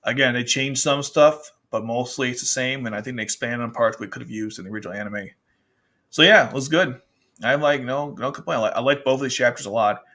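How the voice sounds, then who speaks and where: Male reviewer, casual rambling chat, mid-pitched, restarts often, slips into character voices. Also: fast, bright, forceful tone. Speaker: anime and manga reviewer.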